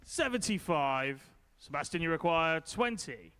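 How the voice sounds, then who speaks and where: A man's voice: on the high side, animated, unhurried, pushed and bright, smooth. A man working as darts referee, calling scores in a ringing, rising call.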